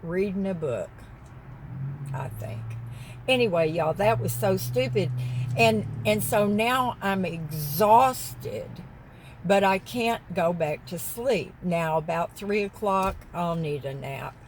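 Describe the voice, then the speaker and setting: Woman, unhurried, chatty, wandering talk, parked car, faint traffic behind. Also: mid-range voice, animated. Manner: chatty, wandering, easily sidetracked. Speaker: vlogger. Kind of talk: rambling casual chat. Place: parked car in a parking lot.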